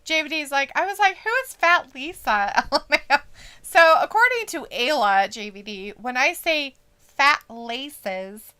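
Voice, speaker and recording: A woman's voice: high voice, big pitch swings, normal speed, sharp tone. A woman from Idaho co-hosting a wrestling watch-along stream, chatting casually, reading out the live chat and laughing often.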